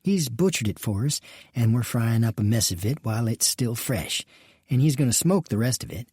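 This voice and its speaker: A man's voice: medium pitch, expressive, normal speed, a little mellow, breathy edge, dry recording, studio quality. A man voicing a gracious, courteous woman who co-owns a saloon in an audiobook western.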